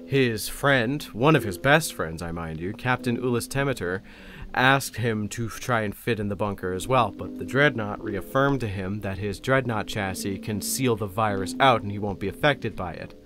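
A man's voice: on the low side, moderate pace, a bit bright. A man hosting his own channel, explaining lore in a casual, enthusiastic, rambling way. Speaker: channel host. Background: faint music.

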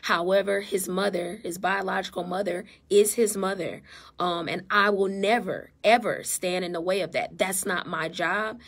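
Earnest woman with a gravelly voice. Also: mid-range voice, steady tone, moderate pace. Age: adult, married mother. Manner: earnest, heartfelt, emotional. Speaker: therapist and vlogger. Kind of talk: casual live-stream talk. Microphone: phone.

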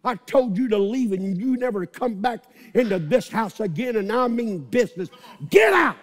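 High-voiced, fiery male preacher. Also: moderate pace. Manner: fiery preaching with repeated shouted refrains. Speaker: pastor. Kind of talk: sermon.

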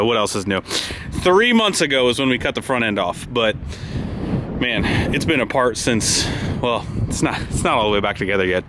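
A man vlogging outdoors in a driveway, excitable and rambling, often restarting his sentences. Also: medium pitch, slight background noise. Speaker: vlogger and truck builder. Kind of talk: casual outdoor vlog chat.

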